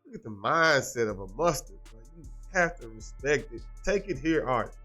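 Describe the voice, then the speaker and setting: A man's voice: medium pitch, sing-song, moderate pace, sharp tone, soft background music. A man hosting a reaction commentary show, explaining clips and asking the viewer rhetorical questions.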